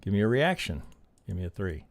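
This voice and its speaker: Gravelly man talking through charts. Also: fairly low pitch, big pitch swings, a little fast. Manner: peppers talk with rhetorical questions and "right?"; thinks aloud with restarts. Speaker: trading educator reviewing member charts. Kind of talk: live-stream chart review, casual teaching.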